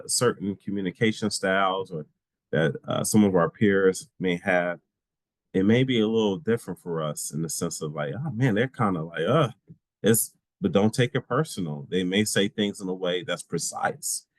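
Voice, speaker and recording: A man with a notably low voice talks his audience through a training session. His delivery is relaxed and anecdotal, sprinkled with fillers. The sound is dry and close. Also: moderate pace, no room sound. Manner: relaxed storytelling with frequent fillers and laughs. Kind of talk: informal training talk with personal stories.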